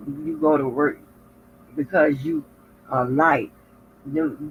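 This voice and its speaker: A woman vlogger with a low-sitting voice talks a little slowly and with fairly even intonation, chatting frankly and profanely with her viewers. She tells stories in a loose, candid way, and the lo-fi recording carries faint noise.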